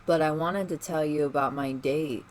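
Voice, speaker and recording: A man's voice: a little high, fairly even intonation, normal speed, a little hiss or hum, close to an everyday voice, poor audio. Cheerful young woman, as a man puts her on. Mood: eager. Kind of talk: fan fiction read aloud.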